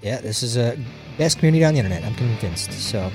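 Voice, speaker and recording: A man's voice: medium pitch, expressive, fast, a little mellow, soft background music. A young man hosting a podcast, casually telling a funny story and laughing often. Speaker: podcast host.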